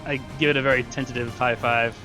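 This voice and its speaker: A man playing a tabletop game, upbeat and giggly, thinking out loud. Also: medium pitch, level tone, fast, over music. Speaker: player.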